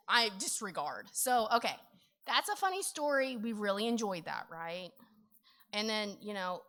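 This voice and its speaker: Middle-aged woman presenter, high bright voice, very animated storytelling, laughs often at conference training. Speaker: conference presenter on county finance. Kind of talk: conference training talk with anecdotes.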